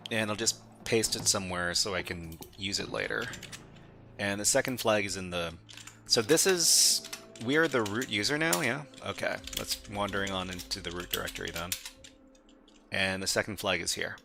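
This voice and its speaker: A man's voice: on the low side, normal speed, creaky, bright, forceful tone, slight background noise. A man hosting a live stream, chatting casually as he works through a hacking exercise, often restarting his phrases. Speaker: stream host.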